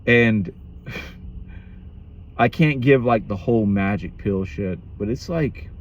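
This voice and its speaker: A man's voice: on the low side, takes it slowly, muffled recording, slight background noise. Blunt, profane man musing on marriage. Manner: blunt, profane, restarts often. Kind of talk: candid reflective monologue.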